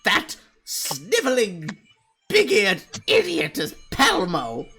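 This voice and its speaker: A man voicing a loud, quarrelsome goblin stall owner who yells and hurls insults. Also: huge pitch swings, slow pace, gravelly, slightly rough, faint music behind, full character voice. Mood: eager. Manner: shrill, yelling, insulting.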